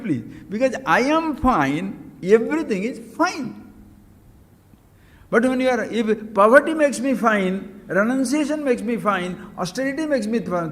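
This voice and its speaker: A man giving a spiritual discourse as a teacher, emphatic and full of rhetorical questions. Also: high voice. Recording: long hall reverb.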